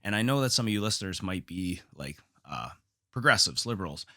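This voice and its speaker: A man's voice: low voice, sing-song, a little fast, pushed and bright, dry recording, studio quality. A man from Canada hosting a solo podcast, talking in a casual, rambling way and swearing freely. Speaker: podcast host.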